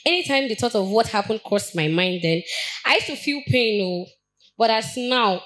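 A young Nigerian woman shares a personal testimony at a church Bible study. She speaks earnestly and haltingly, doubling back and repeating words as she goes. Her voice sits at a middle pitch for a woman. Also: fairly bright tone, poor audio. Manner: earnest, halting with frequent restarts and repetitions. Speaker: church member giving testimony.

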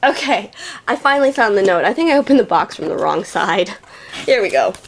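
A woman's voice: medium pitch, lively intonation, brisk, slight background noise. A young woman hosting a toy channel, gushing and giggling as she unboxes a package at home on camera. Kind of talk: excited unboxing chat.

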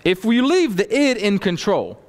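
A man preaching a storytelling sermon to a congregation, animated, acting out scenes and adding folksy asides. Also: high voice, measured pace. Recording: long hall reverb.

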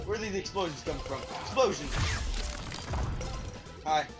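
A woman hosting a gaming video, giving casual, excitable commentary while she plays, laughing and exclaiming. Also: low voice, normal speed. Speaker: gaming channel host. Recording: game music playing behind.

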